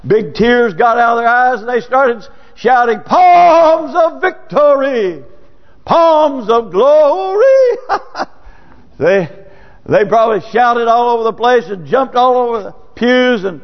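A man preaching a sermon in a church, talking in a folksy, conversational way with sudden rises. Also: high-pitched. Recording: dull, lo-fi church recording with long reverb.

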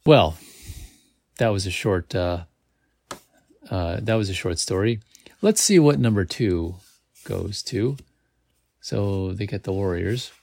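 A man hosting a podcast reads a choose-your-path fantasy book aloud, pausing to think through the options. His voice sits low with some gravelly fry. The sound is dry and close-miked. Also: animated, darkish tone, no room sound. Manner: thinks aloud between chapters. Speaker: podcast host. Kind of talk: reading a gamebook aloud.

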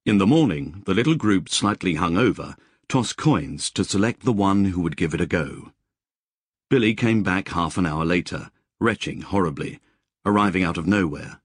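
A man narrating an audiobook chapter in a measured storytelling manner, recorded close and dry. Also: low-pitched, animated, slightly rough, no echo. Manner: measured storytelling, voices Australian bush characters. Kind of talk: scripted narration.

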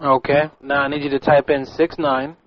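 A man hosting prank calls in a cheeky, goofy, deadpan way. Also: mid-range voice, moderate pace. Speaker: prank show host. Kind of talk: casual chat. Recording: dull lo-fi sound with music.

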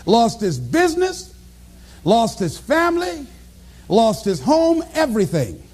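A man with a strikingly high voice delivers a motivational speech to a live audience. His pitch swings widely as he tells stories, and he breaks into shouts and laughter. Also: a little slow, breathy edge. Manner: animated storytelling, bursts into shouts and laughter. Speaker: motivational speaker.

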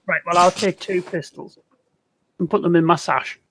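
A player in a tabletop role-playing game, speaking in a brisk, cheeky, decisive way. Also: medium pitch, fairly even intonation, a bit bright, a little hiss or hum.

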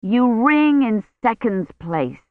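A reader voicing a brisk old bell-ringing teacher woman. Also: a little high, big pitch swings, no room sound, voice pushed up. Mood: instructing. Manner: commanding, counts out steps slowly. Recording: dull lo-fi sound.

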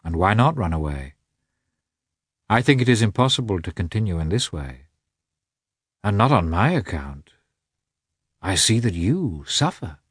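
A deep, slightly husky young officer pleads his case firmly and calmly, as a man plays him. His voice is low and steady, pressing gently rather than raising itself. The sound is close and dry. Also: measured pace, long pauses, dry recording, full character voice. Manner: firm, calm, persuasive. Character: earnest young officer, firm and calm.

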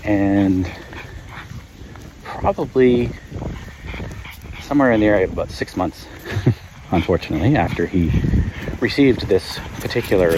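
Very low-voiced man rambling on a walk. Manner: chatty, laughs often, many fillers. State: out of breath while walking. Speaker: podcast host. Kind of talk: casual rambling monologue. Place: outdoors walking a dog. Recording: outdoor field recording with noise. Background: dog and outdoor ambience.

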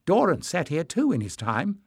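A man's voice: fairly high pitch, wildly swooping pitch, normal speed, husky, no echo, studio quality, voice pushed up, exaggerated voice. A man doing an eager, breathless young man. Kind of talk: audiobook character reading.

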